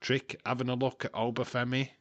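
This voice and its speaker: A man's voice: medium pitch, level tone, fairly quick, fairly bright tone. A man hosting a live watch-along stream, chatting casually, laughing and making puns. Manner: chatty and jokey, laughing at his own puns. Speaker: livestream host.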